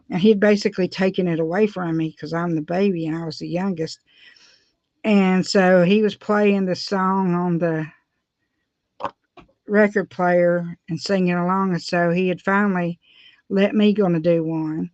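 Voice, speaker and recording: A woman's voice: lowish voice, fairly even intonation, normal speed, darkish tone, dry recording. A middle-aged woman, chatting casually and rambling with frequent laughs while doing her nails for a vlog. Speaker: beauty vlogger. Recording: dull dry lo-fi sound.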